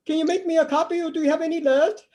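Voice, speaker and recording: A man's voice: very high-pitched, steady tone, racing, darkish tone. A man playing a stammering foreign grad student. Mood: polite. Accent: foreign-sounding put-on accent. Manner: apologetic, stammering, pleading. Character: flustered foreign male graduate student caller. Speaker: acting student. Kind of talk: improv scene over video call. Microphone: video call.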